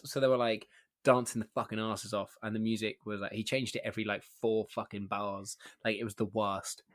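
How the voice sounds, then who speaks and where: A young man, co-hosting a podcast in casual chat, rambling, laughing often and swearing freely. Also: fairly low pitch. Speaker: podcast co-host.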